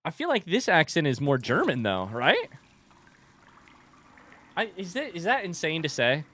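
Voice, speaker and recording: A young male streamer talks through a horror game with a bright, lively voice that swings widely. He blurts out sudden sworn outbursts in jumpy panic. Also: a little high, a little slow. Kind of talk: live gameplay commentary.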